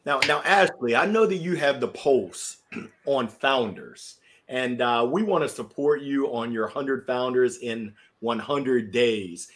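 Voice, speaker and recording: A man's voice: medium pitch, takes it slowly, a bit bright, slight background noise. A man hosting a podcast, asking his guest questions and reacting with short exclamations. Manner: eager, reacts with short interjections. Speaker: podcast host. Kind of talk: interview questions.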